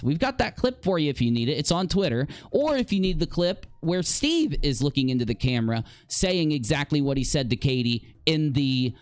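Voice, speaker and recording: A man's voice: fairly high pitch, big pitch swings, moderate pace, few pauses, dry recording. A man hosting an online commentary video, confronting his opponent directly in a mocking, combative way. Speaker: commentary host.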